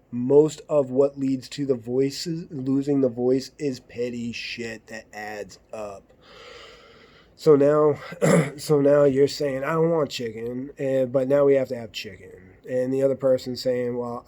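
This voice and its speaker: Blunt, mellow-voiced man talking casually. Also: mid-range voice. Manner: blunt, profane, conversational, acts out quoted partners. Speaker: podcast host. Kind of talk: casual monologue.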